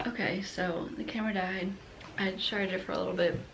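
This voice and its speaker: A woman's voice: lowish voice, steady tone, a little fast, gravelly, a little hiss or hum. A young woman casually telling her birth story at home, chatty and laughing often. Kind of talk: casual chat. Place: home at night.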